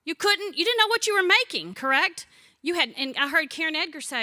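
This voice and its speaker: Bright-voiced woman in her sixties teaching. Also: extremely high pitch, sing-song, fairly quick. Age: 60s. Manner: chatty, warm-humored storyteller who asks the group questions. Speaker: Bible study teacher. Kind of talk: conversational teaching with humorous stories.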